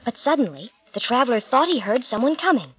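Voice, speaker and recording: A woman narrating a Bible story with clear, measured storytelling. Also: fairly high pitch, sing-song, low-quality recording.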